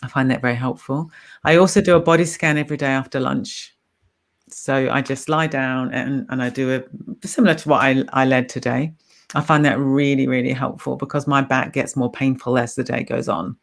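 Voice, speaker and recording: A middle-aged woman with an anglicized New Zealand accent, a meditation teacher talking calmly and encouragingly as a guest in a casual interview. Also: very deep voice, normal speed, creaky.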